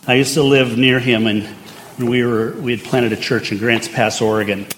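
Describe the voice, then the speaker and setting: A man's voice: medium pitch, fairly even intonation, moderate pace, fairly bright tone, a little hiss or hum. An older man preaching a sermon, telling stories in a conversational way with side remarks. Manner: conversational and anecdotal, with asides. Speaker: pastor.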